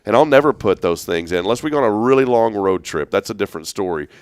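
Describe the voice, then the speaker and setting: A young father co-hosting a talk show, telling warm stories about his small children and imitating what his daughter says. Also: on the low side, expressive, quick pace, clear, resonant tone, no echo. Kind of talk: casual chat, telling family stories.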